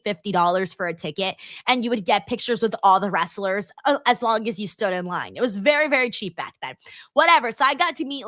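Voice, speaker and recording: A woman's voice: on the high side, sharp tone, no echo. A woman in her twenties hosting a casual livestream chat, bubbly and giggly, repeating words for emphasis. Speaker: livestream host reading chat.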